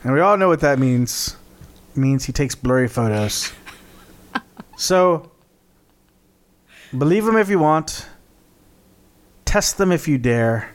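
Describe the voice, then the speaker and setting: A man's voice: a little high, expressive, slow pace, pauses often. A man co-hosting a podcast in casual chat, joking and playful. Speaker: podcast co-host.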